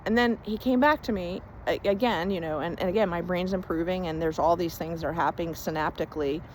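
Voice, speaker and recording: Lower-voiced woman sharing a chatty faith testimony. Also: a little fast, a little mellow, a little hiss or hum, poor audio. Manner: chatty storytelling, reenacts conversations with "and I'm like"; earnest, emphatic about faith. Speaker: faith-based life coach. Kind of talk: casual personal testimony.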